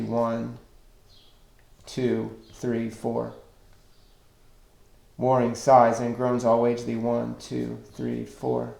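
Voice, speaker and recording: A man teaching a recorded online lesson on poetic meter, slow and deliberate as he counts out stresses and feet. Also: medium pitch, completely flat delivery, creaky, dark tone. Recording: echoey room.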